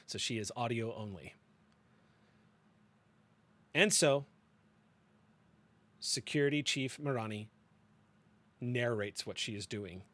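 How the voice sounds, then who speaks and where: A man narrating a science-fiction tabletop game as its game master. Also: medium pitch. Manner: steady descriptive narration.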